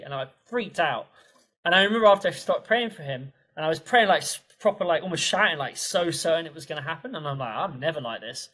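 A man telling a personal story as a podcast guest, animated and full of fillers. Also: on the high side, fairly quick, low-quality recording. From England. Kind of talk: conversational storytelling.

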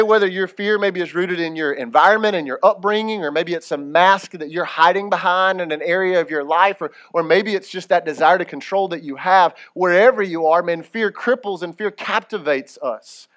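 Pastor guy preaching, kinda high voice, loose and animated delivery. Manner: preaching, animated, retells scripture in casual speech. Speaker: lead pastor. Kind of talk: sermon.

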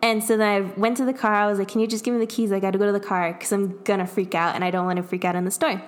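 A woman's voice: mid-range voice, flat delivery, very fast. A young adult woman in casual chat, telling a personal story in a rambling way, full of fillers and laughs. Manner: rambling, lots of "like", laughs often.

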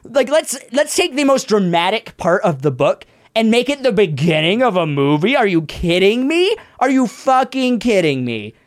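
A podcast co-host ranting in a casual chat, exasperated and swearing freely. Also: female voice, medium pitch, normal speed, hardly any pauses. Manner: exasperated, profane, animated ranting.

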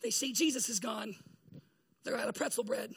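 A man's voice: very high voice, moderate pace, a bit bright, slightly rough. A man, a pastor, giving a casual, humorous sermon, telling stories in a chatty way and laughing often. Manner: jokey, chatty storytelling with frequent laughs.

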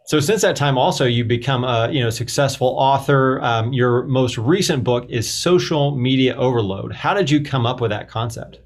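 A man's voice: medium pitch, moderate pace, hardly any pauses. Brief: a male interview host, friendly and easygoing, keeps his questions short. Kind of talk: casual interview.

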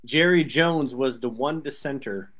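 A man co-hosting a sports podcast, telling stories in animated, profane banter and laughing often. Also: mid-range voice, unhurried. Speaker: podcast co-host. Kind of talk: casual sports chat.

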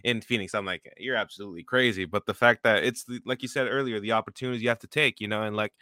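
A young man in his twenties hosting a podcast chat, his low voice bright and clear. He talks loosely, filling with like and you know. The recording is dry. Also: quick pace, no echo. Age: 20s. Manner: relaxed, many likes and you knows. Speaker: podcast host, stadium announcer. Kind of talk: casual interview chat.

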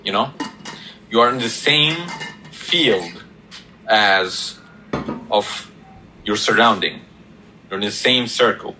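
A man in a reflective podcast conversation, explaining ideas slowly with pauses between words. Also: on the low side, background noise. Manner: slow, deliberate, pausing between words, explaining step by step. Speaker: podcast guest or host.

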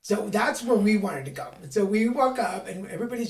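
A man from California, a podcast guest, telling a story in a lively, self-mocking way and acting out other voices. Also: high voice, moderate pace, a little hiss or hum. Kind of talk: casual storytelling. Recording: echoey room.

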